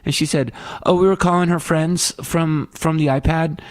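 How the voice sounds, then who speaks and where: A man's voice: fairly high pitch, steady tone, normal speed, dry recording, studio quality. A middle-aged man co-hosting a podcast, telling a family story in casual chat and acting out his kids' voices. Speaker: podcast co-host.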